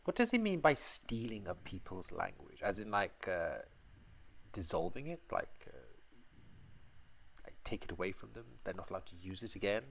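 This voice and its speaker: Gravelly low-voiced male co-host. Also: big pitch swings, fairly bright tone, a little hiss or hum. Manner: playful, questioning and quick to joke. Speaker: podcast co-host. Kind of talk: casual chat about word meanings.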